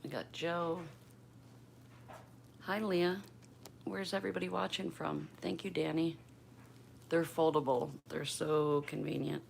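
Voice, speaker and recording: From a room at home, an older livestream host from Bristol, Pennsylvania, chats casually with viewers, calling them by name in a hushed voice. The voice is deep and creaky, with a bit of hiss or hum.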